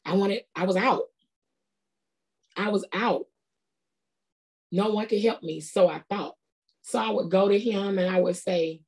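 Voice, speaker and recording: A woman's voice: mid-range voice, a little slow, long pauses, a little mellow. A middle-aged woman, preaching a sermon in an earnest, conversational, colloquial way. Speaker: prophetess preaching.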